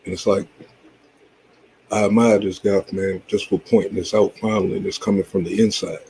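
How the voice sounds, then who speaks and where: A man's voice: low-pitched, flat delivery, normal speed, gravelly, dark tone, a little hiss or hum, poor audio. A man hosting a casual reaction commentary, laid-back and agreeing, often saying "you know what I'm saying". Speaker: channel host reacting to a clip.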